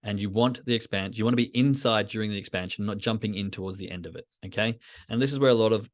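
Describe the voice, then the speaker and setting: A man teaching trading in a casual podcast lesson, walking through a chart and acting out the thoughts of anxious traders in quick asides. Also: fairly low pitch. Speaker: trading educator.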